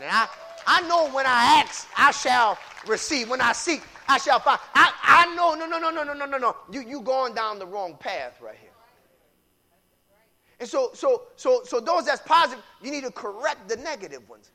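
High, gravelly-voiced male preacher. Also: lively intonation, moderate pace. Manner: repetitive call-and-response, rising into shouts. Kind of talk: sermon.

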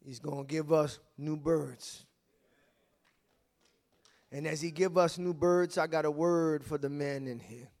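A man preaching as pastor, swinging between hushed lines and shouting, and leading the congregation in call-and-response. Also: on the high side, fairly even intonation, takes it slowly, long pauses. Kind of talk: sermon.

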